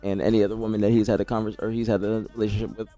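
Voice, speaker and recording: A man's voice: on the low side, level tone, rapid-fire, mellow. A man streaming live, chatting casually and reading viewer messages, rambling and repeating himself as he answers chat. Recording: dry close mic with faint music behind.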